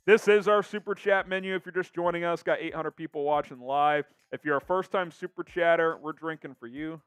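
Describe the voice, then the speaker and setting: A young man chats on his live stream in an upbeat, casual way, reading viewers' comments aloud. His voice sits a little high and comes through smooth, clear and resonant. The sound is dry and close, with faint music behind him. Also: a bit bright, no room sound.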